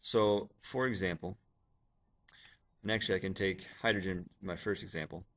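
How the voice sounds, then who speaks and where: A man's voice: low voice, steady tone, moderate pace, a bit bright. A male science teacher giving a recorded video lecture over slides, casual and joking with his students.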